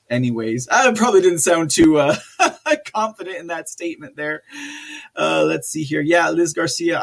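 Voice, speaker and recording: Guy host reading the live chat, kinda high voice, rambly and laughing a lot. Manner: chatty, laughs often, rambling with restarts. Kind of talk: casual live-stream chat.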